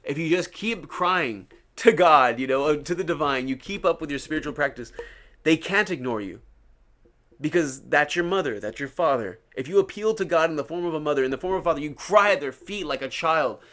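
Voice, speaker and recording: A man's voice: fairly high pitch, expressive, a little fast, fairly bright tone. A man live-streaming, talking casually and earnestly, preaching about a book he reads to his viewers.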